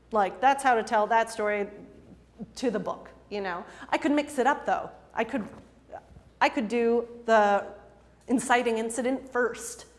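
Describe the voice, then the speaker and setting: A woman in her twenties spins a personal story before an audience, chatty and self-deprecating, with frequent laughs and many fillers. Her voice sits at a middle pitch for a woman. A long reverb trails every line, as in a lecture hall. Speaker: storyteller and improv performer.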